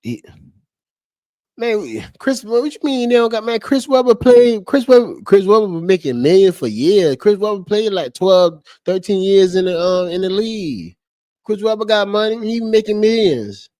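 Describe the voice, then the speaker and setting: A man talking straight to his stream chat in a fired-up, cursing way, circling back to the same lines again and again. His voice sits a bit high for a man. The sound is dry and close, with no room echo. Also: animated, normal speed, dark tone. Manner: heated, profane and repetitive, restating each point. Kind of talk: unscripted live-stream commentary.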